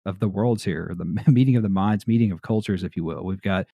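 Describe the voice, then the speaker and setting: A Southern American man hosts a casual podcast in a deep, mellow voice. He rambles easily, with plenty of fillers and laughter. The sound is dry and close. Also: a little fast, no room sound. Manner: laid-back, rambling with fillers and frequent laughs. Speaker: podcast host.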